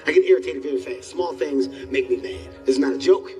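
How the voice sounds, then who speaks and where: A man in his forties performing a stand-up comedy routine, telling loud, animated stories with sudden shouted outbursts. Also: medium pitch, brisk, distant mic, soft background music. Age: 40s. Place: live comedy stage.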